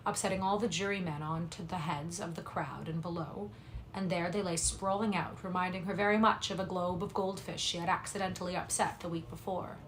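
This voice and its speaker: A woman reading a classic novel aloud on a livestream at a quick pace, with soft, apologetic asides to her viewers. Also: on the low side, fairly even intonation, a little hiss or hum, rough recording. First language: English. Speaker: livestream reader.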